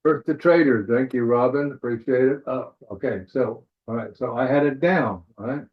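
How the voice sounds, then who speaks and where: A man's voice: mid-range voice, normal speed. Man teaching trades over tinny webinar audio. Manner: casual, repeats "all right" often, thinks aloud. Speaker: forex trading instructor. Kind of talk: live webinar chart walkthrough.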